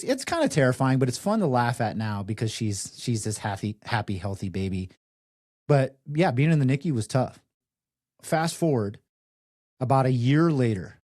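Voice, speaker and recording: A young man tells firehouse stories in a loose, chatty way, leaning on filler words and dropping softer when things get personal. His voice sits at an ordinary pitch and sounds dry and close to the mic. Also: no echo. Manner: animated storyteller, many "like" fillers, softens for emotional parts. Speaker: firefighter guest. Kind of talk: casual storytelling interview.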